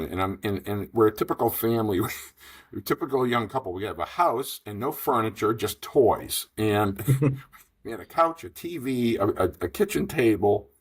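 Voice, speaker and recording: A man in his fifties telling a long business story in an interview, animated and rambling, acting out the dialogue. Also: deep voice, breathy edge. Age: 50s. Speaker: franchise investor guest.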